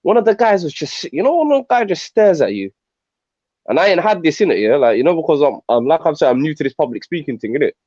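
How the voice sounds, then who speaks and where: A man's voice: a little high, sing-song, fast, a little mellow, no echo. Man on a dull call line. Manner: keeps checking the listener follows. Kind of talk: casual chat.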